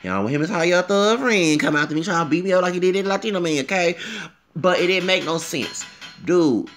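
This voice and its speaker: A man's voice: high voice, quick pace, fairly bright tone, faint music behind. A man delivering a rambling, opinionated rant, often asking "okay?" and "you know what I'm saying?". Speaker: commentator. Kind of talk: casual rant.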